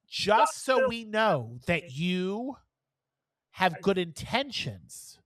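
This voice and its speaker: A woman voicing a scamming male building super on the phone, flat and businesslike as he pushes for a deposit. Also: on the low side, dry recording, heavily acted.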